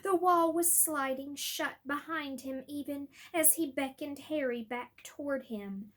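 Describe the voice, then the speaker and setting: Brief: unhurried, high-pitched female reader, steady and expressive. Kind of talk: audiobook reading.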